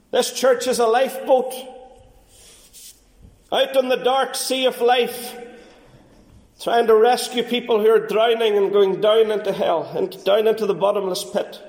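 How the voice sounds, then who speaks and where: A man preaching a fervent sermon as pastor, swinging between quiet and raised passages. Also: very high voice, steady tone, unhurried, long pauses, roomy sound. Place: church.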